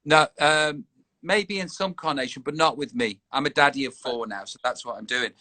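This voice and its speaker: A man's voice: medium pitch, normal speed, pushed and bright, dry recording. A man from England, hosting a casual video-call chat in a rambling, jokey way. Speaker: host.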